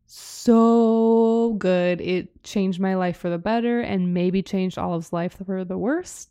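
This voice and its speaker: A woman's voice: medium pitch, steady tone, slow pace, warm tone, smooth. A young woman co-hosting a casual podcast chat, gushing with enthusiasm and reading quotes aloud. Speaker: podcast co-host.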